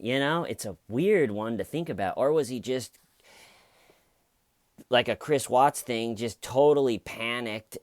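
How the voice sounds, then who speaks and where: A man's voice: lowish voice, no room sound, studio quality. A man casually telling a true crime story with jokey, sarcastic asides.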